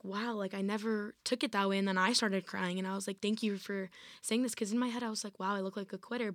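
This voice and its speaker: A woman's voice: medium pitch, no room sound, clean studio sound. A young woman, a former college athlete, telling her personal story in an interview in a casual way, with lots of "like" and restarts. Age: young adult. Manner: casual, heavy use of "like", many restarts.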